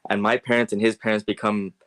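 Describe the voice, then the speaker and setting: A young man co-hosting a casual podcast, telling a story in a rambling way and getting animated when he quotes people. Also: on the low side, fast talker. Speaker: podcast co-host.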